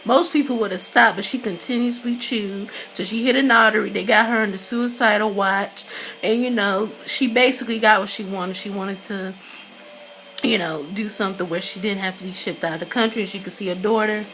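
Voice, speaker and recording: A woman talks through the plot of a TV episode in a loose, chatty way. Her voice sits at an ordinary middle pitch, and she keeps stringing thoughts together with "you know" and "uh". Now and then she slips into short bits of the characters' lines. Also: steady tone, a bit bright, slight background noise. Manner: rambling storytelling, full of "you know" and "uh"; acts out characters' lines in quick asides. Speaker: TV episode reviewer. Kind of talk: casual recap of a TV episode.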